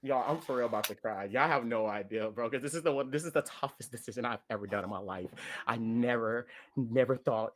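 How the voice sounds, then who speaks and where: A man's voice: medium pitch, a little fast. Emotional, rambling young man on a podcast. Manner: emotional, dramatic, apologetic, rambling. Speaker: podcast co-host. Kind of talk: casual podcast chat.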